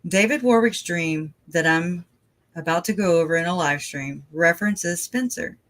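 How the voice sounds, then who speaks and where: A true crime livestream host who talks casually and at length. The voice turns loud and animated when worked up, and it is full of laughs and fillers. The pitch sits in a middle range. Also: moderate pace, poor audio.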